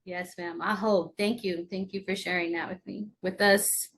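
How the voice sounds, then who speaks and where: A woman shamanic healer gently guiding a virtual group ritual over a video call, encouraging each person and answering with aho. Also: lowish voice, steady tone, moderate pace. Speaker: shamanic healer leading a ceremony.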